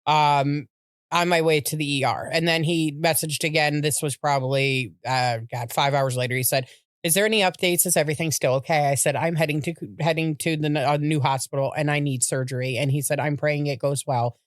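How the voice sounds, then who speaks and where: A middle-aged woman, a podcast co-host, telling a personal story in a halting, heartfelt way with many restarts. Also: sits low, steady tone, no echo, clean studio sound.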